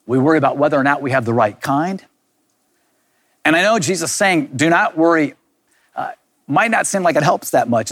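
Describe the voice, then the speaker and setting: Man preaching, gravelly, fairly high voice, dry close sound, earnest and reflective. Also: no room sound. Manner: earnest, reflective preaching with repeated key words. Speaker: pastor. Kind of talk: sermon. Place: recorded for online viewers.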